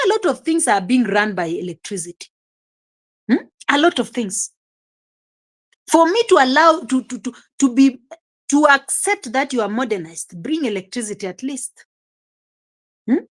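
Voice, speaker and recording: A woman's voice: high voice, fairly bright tone. A woman giving casual reaction commentary, exclamatory and scolding, chuckling often. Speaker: reaction vlogger.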